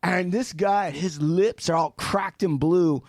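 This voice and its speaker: Animated, profane male storyteller, slightly high voice. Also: slow, no echo, studio quality. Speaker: podcast guest, film director. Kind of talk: casual podcast storytelling.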